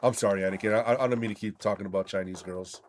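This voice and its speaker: A low-voiced man races through his words over a faint hiss or hum. Hosting a gaming channel, he swears and spins animated stories while playing, keeping the talk casual.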